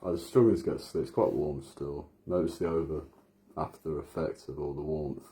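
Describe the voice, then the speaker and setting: Midlands guy in his 30s, deep mellow voice, wandering late night vlog chat, laughs at himself a lot. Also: steady tone, a little fast, a little hiss or hum. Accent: English Midlands. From English Midlands. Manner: meandering, self-mocking, chuckling asides. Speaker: vlogger. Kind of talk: late-night rambling monologue. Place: home room at night.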